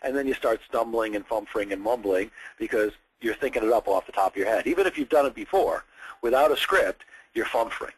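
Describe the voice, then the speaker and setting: In a rough recording, a man with a fairly low, expressive voice and a breathy edge speaks fairly quickly while leading a sales training seminar. His delivery is enthusiastic and conversational, full of varied inflection and frequent restarts.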